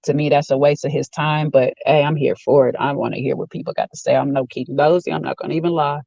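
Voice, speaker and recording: A man's voice: on the high side, steady tone, fast, creaky, darkish tone, no room sound, muffled recording. A man giving a rambling, opinionated casual rant while sitting in a car. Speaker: vlogger. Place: inside a car.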